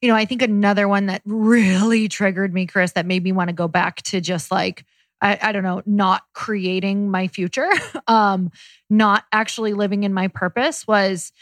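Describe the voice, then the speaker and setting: A woman's voice: mid-range voice, fairly even intonation, normal speed, no room sound. A woman co-hosting a podcast, speaking with earnest enthusiasm about things that matter to her. Her voice sits in a middle range. The sound is dry and close to the mic. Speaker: podcast co-host. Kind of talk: casual podcast chat.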